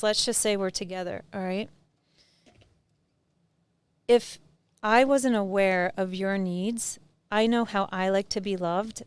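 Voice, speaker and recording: A woman with a very smooth, clear voice speaks as a guest on a casual podcast. She talks earnestly and explains her points, as a psychic medium and life coach. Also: mid-range voice, dry recording.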